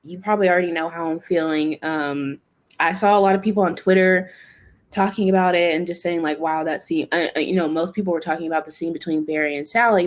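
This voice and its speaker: A woman hosts a casual TV recap podcast. She is animated and chatty, with plenty of fillers, and she acts out what the characters say. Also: fairly low pitch. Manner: animated, acts out characters' lines, exclaims and laughs; chatty, lots of fillers like "like" and "you know". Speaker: podcast host.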